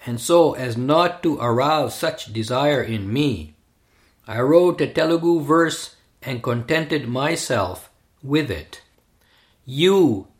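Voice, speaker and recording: A man reading a first-person memoir aloud in a measured, deliberate way. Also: mid-range voice. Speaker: reader. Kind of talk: scripted narration of a memoir.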